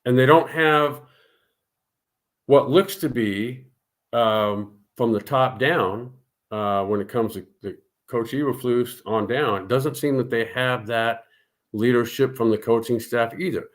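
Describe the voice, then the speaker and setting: A man co-hosting a casual sports talk show, laying out his points in a measured way and ending them with short, firm sentences. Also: medium pitch. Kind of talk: casual sports radio chat.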